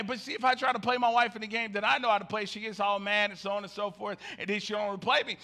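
A pastor with a high, gravelly voice preaching a sermon to his church. His tone is bright and sharp, and he swings between loud shouts and low, hushed murmurs. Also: little pitch movement, fast, few pauses. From Southern United States. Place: church sanctuary.

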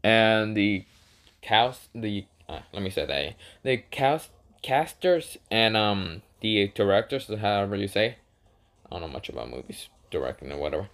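A man with a fairly low voice tells a made-up adventure in a loose, casual way. He rambles, fills gaps with "like" and "um", and stops often to correct himself. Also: big pitch swings, normal speed, fairly bright tone. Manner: rambling, filler-heavy, self-correcting. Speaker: storyteller. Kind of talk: casual fan-fiction storytelling.

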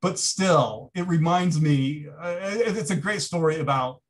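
A keynote speaker with a somewhat high, unhurried voice tells an anecdote during a storytelling lecture. His delivery is conversational, with frequent restarts.

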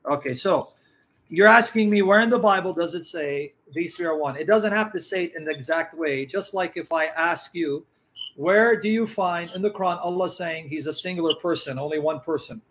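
A man's voice: a little high, moderate pace, fairly bright tone, rough recording. A man in a live religious debate, pressing his opponent with questions and reading scripture aloud. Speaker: Christian debater.

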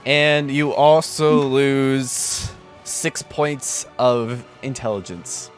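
A man runs a tabletop game in an easy, relaxed way, calling rolls and describing what the monsters do. His voice sits at an ordinary pitch, with faint music playing softly behind him. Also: very slow. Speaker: game master.

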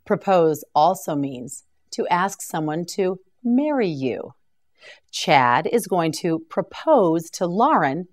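Woman teacher for a vocabulary drill, slow and deliberate, pitch moving up and down, a little low. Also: darkish tone. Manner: slow, carefully enunciated repetition with encouraging praise. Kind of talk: scripted vocabulary drill lesson.

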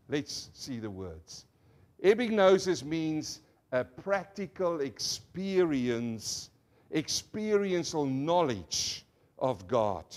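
A man's voice: mid-range voice, darkish tone. A male pastor giving a sermon to a congregation, leading call-and-response and explaining word meanings step by step with rhetorical questions. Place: church service before a congregation.

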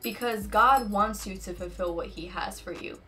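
A woman's voice: medium pitch, moderate pace, fairly bright tone, faint music behind. A young adult woman hosting a casual faith-based talk, chatty and full of "you know what I'm saying.". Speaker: podcast host.

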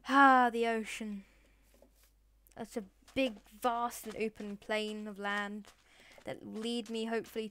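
A woman's voice: medium pitch, a bit bright. A woman giving casual Minecraft gameplay commentary, chatting to the mobs and villagers and swearing playfully as she goes. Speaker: Minecraft let's player.

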